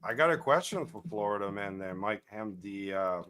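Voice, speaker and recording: A man co-hosting a casual live-stream chat, relaxed, chuckling as he talks. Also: lowish voice, moderate pace, clean tone.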